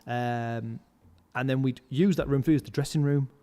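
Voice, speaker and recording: A man's voice: mid-range voice, steady tone, a little slow, warm tone. A man, telling backstage stories as a podcast guest in a rambling, casual way with lots of fillers. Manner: rambling storyteller, heavy use of "like". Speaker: podcast guest, live music stage manager. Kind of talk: casual anecdotal chat. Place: indoors, podcast recording. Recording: reverberant room with long echo.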